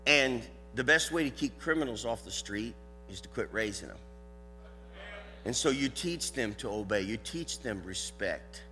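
An older man with a Southern US drawl preaches in a folksy, loud, animated way. His voice is bright and forceful. It rings through a hall with a long echo, and faint music sits underneath. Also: mid-range voice, normal speed. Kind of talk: sermon with a live dog demonstration.

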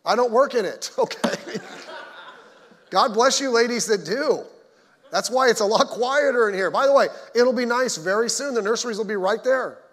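An extremely high-pitched, somewhat bright male voice at a moderate pace carries a pastor's folksy, conversational sermon. He makes joking asides to the congregation in a church sanctuary, with long hall reverb on the recording.

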